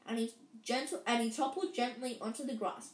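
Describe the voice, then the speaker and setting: A woman reading a children's story aloud in a lively way, with frequent slips and restarts. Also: fairly high pitch, a little fast. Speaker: reader. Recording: roomy echo.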